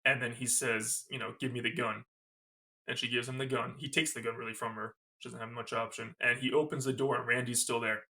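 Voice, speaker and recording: A man with a medium-pitched voice talks fast, barely pausing, as he co-hosts a casual movie review podcast. He animatedly walks through the film scene by scene, quoting dialogue and cursing.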